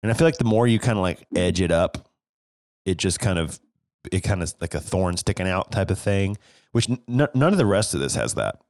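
Deep-voiced Tennessee man, wry and analytical. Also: expressive, fairly quick, a little mellow, no echo, studio quality. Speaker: podcast co-host. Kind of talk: casual book discussion.

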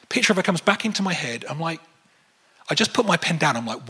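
Man, preacher, husky voice, animated storytelling sermon. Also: fast talker. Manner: animated, acts out dialogue with wide pitch swings.

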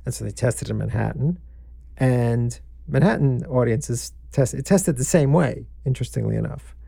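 Gravelly man, easygoing storyteller. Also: medium pitch, moderate pace, warm tone, no echo, studio quality. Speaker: film producer. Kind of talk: casual conversation about filmmaking.

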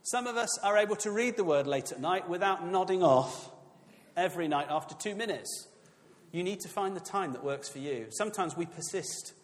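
Male preacher, sermon, conversational and emphatic, fairly high voice, long hall reverb.

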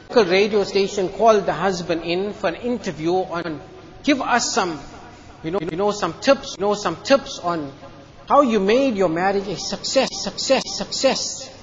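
A man's voice: high-pitched, moderate pace, a bit bright, muffled recording. A man giving a Friday sermon in a mosque, earnest, often repeating his phrases as he makes his points. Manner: earnest, repeats phrases, tells a joke story. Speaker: mufti giving Friday lecture.

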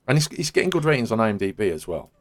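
A man's voice: lowish voice, sing-song, racing. A man, hosting a podcast in casual chat and rambling hesitantly with many hedging fillers. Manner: rambling, hesitant, full of "sort of" hedges. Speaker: podcast host.

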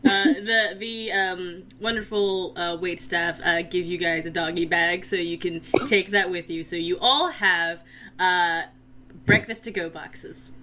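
A woman's voice: fairly low pitch, fairly even intonation, a little slow, bright, forceful tone, a little hiss or hum. A woman game master narrating a tabletop game, with a hesitant, filler-heavy delivery.

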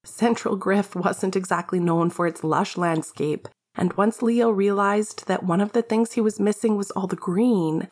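A woman's voice: mid-range voice, a little mellow, slightly rough. A woman narrating a fan fiction story in a wry, casual way, swearing freely. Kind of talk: fan fiction audiobook reading.

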